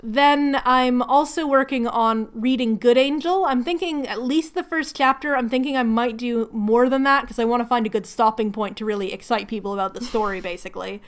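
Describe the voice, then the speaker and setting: Chatty high-voiced woman vlogger. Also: brisk, hardly any pauses. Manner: chatty, rambling, laughs often. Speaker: craft vlogger hosting a hangout. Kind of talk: casual chat while crafting. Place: home.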